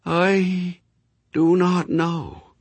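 A dazed, hollow-voiced former nun murmurs from a trance, as a male narrator puts her on. The voice sits well above his own and sounds wistful and distant, with a husky edge in a dry, close room. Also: high voice, level tone, extremely slow, no echo, voice pushed up, heavily acted. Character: middle-aged woman, dazed ex-nun in a trance. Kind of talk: audiobook character voice.

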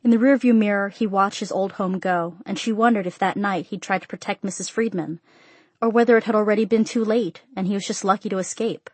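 A woman reads a literary story aloud in a steady, measured voice of middling pitch. Her tone is soft and breathy, and the recording is dry and close with no room sound. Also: dry recording. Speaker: narrator. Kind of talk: audiobook narration.

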